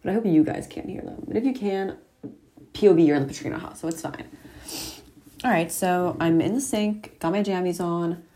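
A teenage girl talks to the camera from her mirror at home, close to the lens. Her voice sits a little low, and she rambles in a chatty, self-mocking way. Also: fairly quick, dark tone, slight background noise. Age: teens. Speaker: vlogger. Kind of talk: casual chat to camera.

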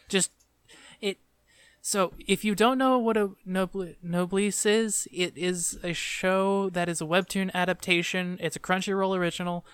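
A man's voice: high-pitched, fairly even intonation, measured pace, fairly bright tone, clear, resonant tone, dry recording. A man co-hosting a podcast, casually complaining with exasperation. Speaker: podcast co-host. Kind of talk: casual chat.

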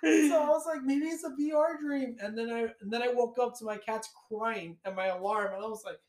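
A man's voice: sits high, fairly quick. A man co-hosting a podcast, telling a dream story in casual chat and acting out the voices in it. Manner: animated storytelling, acts out voices. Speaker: podcast co-host. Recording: roomy echo.

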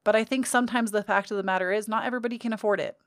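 Speaking very fast in a steady, medium-pitched voice, a young vlogger opens up to her viewers about self-care and healing. Her tone is earnest and confiding, sprinkled with casual swearing, and the recording is dry with studio quality.

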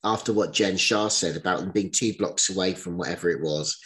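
A man co-hosts a casual podcast chat in a fairly low voice. He talks in an animated way, swears freely and slips into quick impressions as he retells scenes. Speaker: podcast co-host.

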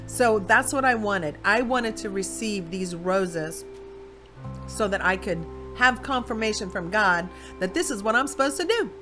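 Ohio woman preaching her testimony, acts out the quotes, soft guitar in back. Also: medium pitch, a little slow. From Ohio, USA. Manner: animated storytelling with voiced quotes. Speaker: Christian speaker. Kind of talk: personal testimony sermon.

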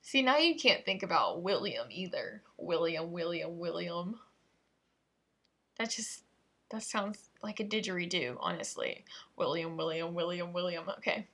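Reading tongue twisters out loud, a woman adds playful, exasperated commentary, frequently interrupting herself mid-sentence. Her fairly low voice is sing-song, a little slow, pushed and bright with a slight roughness.

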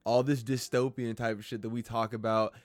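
A man's voice: medium pitch, little pitch movement, fairly quick, no echo. A young man co-hosting a casual podcast, talking in a laid-back, slangy, joking way. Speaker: podcast co-host.

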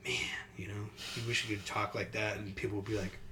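A man hosting a casual chat podcast, his voice sitting a little low. He rambles through long thoughts with plenty of fillers and now and then jumps into animated impressions of other people. A faint hiss of noise sits under the recording. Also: fast, low-quality recording. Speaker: podcast host.

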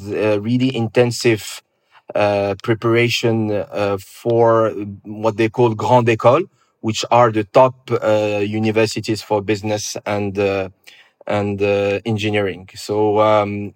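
A man in his thirties from Morocco with a Moroccan French accent, answering interview questions in a relaxed, hesitant way with many pauses. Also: on the low side, no room sound, studio quality. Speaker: guest. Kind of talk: casual interview conversation.

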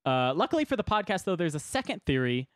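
A man's voice: high-pitched, big pitch swings, fast talker, no echo, studio quality. A man hosting a casual podcast, explaining a theory at length and joking and laughing often. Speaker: podcast host presenting the topic.

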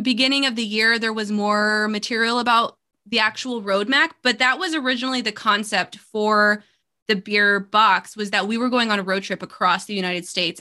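A woman co-hosting a podcast in casual chat, chatty and quick to laugh. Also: medium pitch, bright, forceful tone. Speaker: podcast co-host.

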